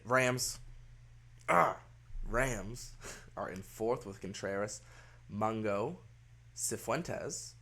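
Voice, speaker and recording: A man's voice: fairly low pitch, fairly bright tone. A young man with a nasal, stuffed-up voice from a cold, casually commentating a baseball management game with rambling, wry asides. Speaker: gaming video host.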